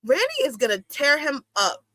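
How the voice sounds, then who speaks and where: A young woman hosting a wrestling watch-along stream, talking casually in slang and jumping into high exclamations as she reacts. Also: normal speed, pushed and bright, dry recording. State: itchy watery eyes from allergies. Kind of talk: casual live-stream commentary.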